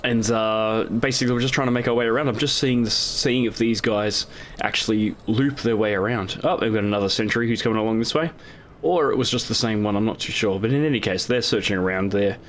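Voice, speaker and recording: A man's voice: on the low side, a little fast, a little hiss or hum. A man hosting his own gaming channel, casually talking over recorded gameplay in a rambling way with lots of fillers and restarts.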